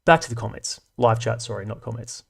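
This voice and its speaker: A man's voice: mid-range voice, fairly quick, creaky, a bit bright, breathy edge. A man in his thirties with an Australian accent, hosting a casual livestream chat in a laid-back, slangy way with frequent swearing. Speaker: livestream host.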